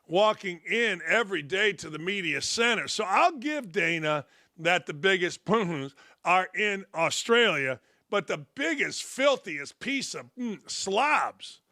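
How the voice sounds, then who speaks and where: Older man, sports talk host, blunt and mocking, tense high voice, dry close sound. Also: sharp tone, dry recording. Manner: blunt, mocking, rambling asides. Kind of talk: opinionated commentary.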